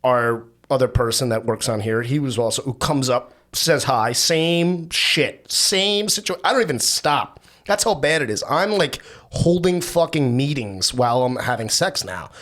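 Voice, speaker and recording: A man's voice: mid-range voice, animated, measured pace, fairly bright tone. A young man hosting a podcast, telling loose, profane stories in casual chat and raising his voice when he quotes friends. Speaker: podcast host.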